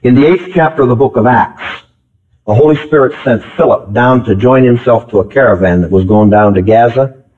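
A male preacher in full sermon, driving his points home by repeating them and putting questions to the congregation. His middle-pitched voice comes through a thin, phone-like old tape recording. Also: fairly quick. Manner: emphatic, repeats phrases, calls out to the congregation.

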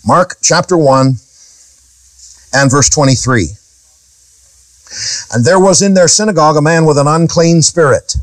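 A man's voice: a little high, a little slow, long pauses, dry recording, poor audio. A man preaching a Bible teaching sermon in an emphatic way, reading verses aloud and asking his listeners rhetorical questions.

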